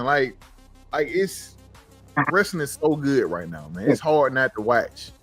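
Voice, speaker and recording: A man's voice: mid-range voice, sing-song, unhurried, a bit bright, faint music behind. A man co-hosting a podcast, rambling casually and restarting his sentences often. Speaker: podcast co-host. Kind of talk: casual chat.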